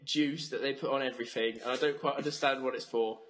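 A man in his twenties with a Southern English accent, co-hosting a student radio show with quick, teasing comic banter. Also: mid-range voice, fairly even intonation, a bit bright. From South of England.

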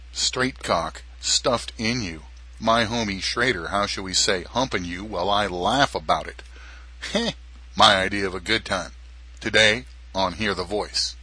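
A man's voice: lowish voice, sharp tone, slightly rough. A man hosting an explicit adult audio monologue, taunting and crude, with frequent chuckles. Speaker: podcast host.

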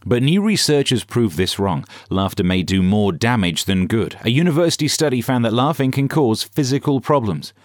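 A man hosting a scripted satirical news comedy podcast with a sarcastic, deadpan delivery. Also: medium pitch, moderate pace, few pauses, no room sound.

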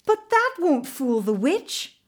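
A woman's voice: high-pitched, sing-song, slow, pitched above the performer's own voice, exaggerated voice. A woman voicing a nervous, eager young boy hero in a storybook reading. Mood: worried.

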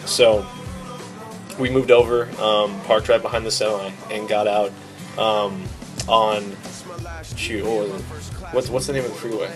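A man co-hosting a podcast, telling a story in casual chat with an animated, self-deprecating manner. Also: on the low side, unhurried, pauses often, over music. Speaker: podcast co-host.

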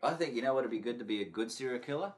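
A man's voice: mid-range voice, lively intonation, rapid-fire. A man co-hosting a podcast in rambling, profane casual chat, padded with fillers. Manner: rambling and profane, full of "you know" fillers. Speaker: podcast co-host.

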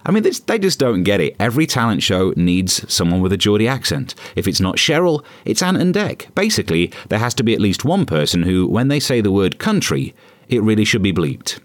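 A man delivers a scripted comedy news monologue in a lowish voice that swings widely in pitch. His asides are sarcastic and deadpan. The sound is close and dry, with no room around it. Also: fairly quick, no room sound. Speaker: podcast host.

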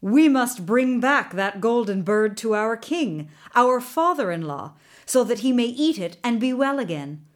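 A woman voicing two haughty young noblemen, loud and scornful, in a storybook reading. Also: fairly high pitch, expressive, unhurried, few pauses.

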